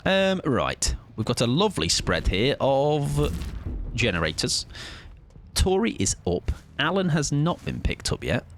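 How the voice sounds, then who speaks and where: A man's voice: mid-range voice, sing-song, measured pace, slight background noise. Swearing, joking man. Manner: joking, swears freely, self-mocking. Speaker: streamer. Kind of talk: casual gaming stream chat.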